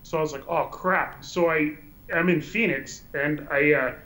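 Animated storytelling man, slightly high. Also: unhurried, rough recording. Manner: animated, full of restarts and "like". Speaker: guest documentary filmmaker. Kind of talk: casual storytelling in a podcast chat.

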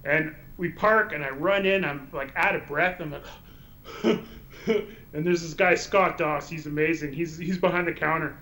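A man in casual conversation, recounting a story with lots of restarts and filler words. His voice sits a little high and his delivery is animated. He sounds like an enthusiastic podcast guest. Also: normal speed, rough recording. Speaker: guest documentary filmmaker.

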